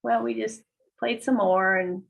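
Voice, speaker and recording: Older lady telling a story live, husky voice, slow and unhurried, jumps up high when she gets excited. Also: low-quality recording. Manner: lively, exclaiming with sudden high bursts. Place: storytelling gathering.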